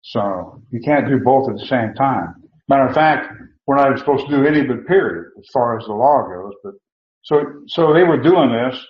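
A man's voice: mid-range voice, expressive, moderate pace. A man preaching a sermon emphatically, repeating words and restarting as he drives his point home. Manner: emphatic, repetitive, with many restarts and fillers. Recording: dull, roomy sound.

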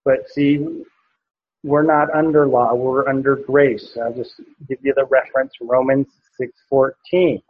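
A man's voice: mid-range voice, flat delivery, a little slow, husky. A man preaching, teaching a passage verse by verse, with frequent fillers and restarts. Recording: dull lo-fi recording.

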